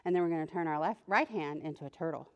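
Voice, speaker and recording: A woman librarian reading a picture book aloud to preschoolers, playful and animated, talking to the characters and laughing often. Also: deep voice, fast talker, clean tone. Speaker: children's librarian.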